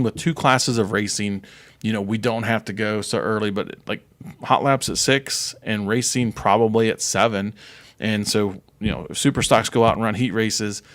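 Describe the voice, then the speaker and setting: Brief: middle-aged man, lowish voice, dry close sound, rambling and jokey, race track promoter on a chat show. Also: a bit bright, dry recording. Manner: rambling, joking, quick to tease. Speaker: speedway promoter and podcast co-host. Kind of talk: casual podcast chat.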